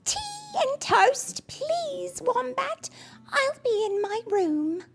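A chatty, dramatic female platypus from a storybook. The voice sits extremely high and swoops widely, with a gravelly edge and slow, drawn-out words. She whines with theatrical flair. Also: sing-song, faint music behind, exaggerated voice. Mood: chirpy. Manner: squeaky, drawn-out, theatrical whining. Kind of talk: picture-book read-aloud.

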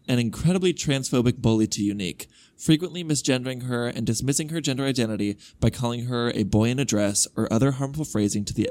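Podcast co-host, male, reads fan email in an even voice, dry asides. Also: medium pitch. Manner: casual, wry asides. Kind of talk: reading listener emails aloud.

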